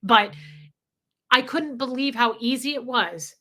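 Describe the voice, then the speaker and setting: A woman's voice: a little high, measured pace, pushed and bright. A woman hosting a livestream, talking candidly and emotionally, swearing freely as she reads viewer comments. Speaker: livestream host.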